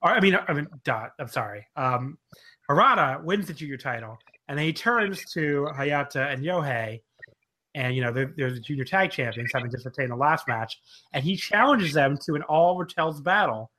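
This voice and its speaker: Bright-voiced rambling male podcaster. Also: a little high, expressive, normal speed, poor audio. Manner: rambling, lots of fillers and self-corrections. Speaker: podcast co-host. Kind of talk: casual wrestling chat.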